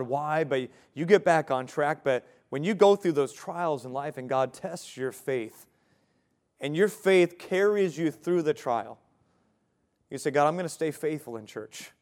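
Male pastor preaching, earnest and direct, slightly high voice, asks the congregation questions. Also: a little slow, darkish tone. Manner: earnest preaching with rhetorical questions and light laughs. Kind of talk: sermon.

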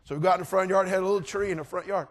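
A middle-aged man preaching, telling a story and acting out voices with animated delivery. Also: high-pitched, racing. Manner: animated, acts out voices in anecdotes. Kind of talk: sermon storytelling.

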